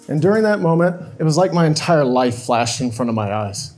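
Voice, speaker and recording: A man's voice: a little high, animated, fast talker, hardly any pauses, darkish tone, soft background music. A man on stage telling a painful personal story, emotional and confessional, acting out the dialogue he quotes. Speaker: speaker. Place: stage at a live talk event.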